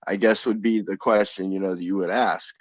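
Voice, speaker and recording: A man's voice: sits low, fairly even intonation, brisk, dry recording. Rambling, foul-mouthed man on a podcast. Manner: rambling, heavy swearing, lots of fillers. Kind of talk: casual podcast chat.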